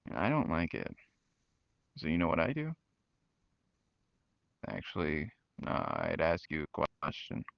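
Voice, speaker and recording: A man's voice: extremely low pitch, huge pitch swings, unhurried, creaky, long pauses, smooth, no room sound. A young man talking frankly to his channel viewers, venting about his family and quoting them in mocking voices. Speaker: channel host. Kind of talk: personal talk to camera. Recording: dull lo-fi mic.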